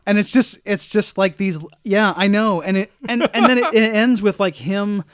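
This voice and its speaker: High-voiced guy chatting about a movie, stops and restarts a lot, dry sound. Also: steady tone, a bit bright, clean tone, dry recording. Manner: halting, with many restarts and laughs. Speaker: podcast co-host. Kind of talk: casual movie-review chat.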